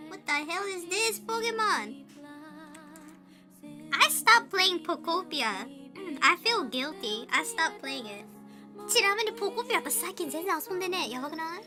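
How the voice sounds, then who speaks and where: A woman with a very high, bouncy voice chats casually on a live drawing stream. She switches between Japanese and English and breaks into laughter often. Music plays softly behind her. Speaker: live-stream artist and host.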